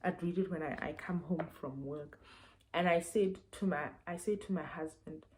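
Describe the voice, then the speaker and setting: A woman's voice: on the low side, moderate pace, a little mellow, rough recording. A South African woman reviewing books in a casual chat, full of fillers and restarts. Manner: chatty, many fillers and restarts. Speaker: book reviewer.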